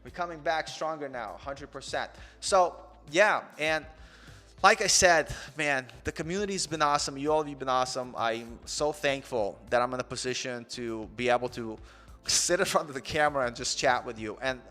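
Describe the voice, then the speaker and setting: A man's voice: mid-range voice, moderate pace, sharp tone, big-room sound, soft background music. A man in his forties hosting a coding channel in an earnest, rambling live-stream chat, peppered with "man". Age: 40s.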